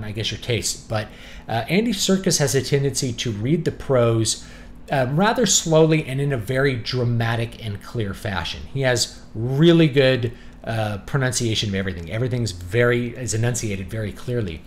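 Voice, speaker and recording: A man giving a casual spoken review of audiobooks, relaxed and conversational, thinking aloud as he goes. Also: mid-range voice, a little hiss or hum. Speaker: book reviewer.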